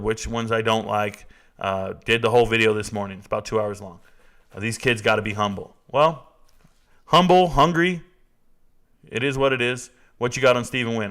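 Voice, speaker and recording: A man in his forties hosting a sports live stream, talking casually and answering chat. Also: mid-range voice. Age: 40s. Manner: animated, reads and answers chat.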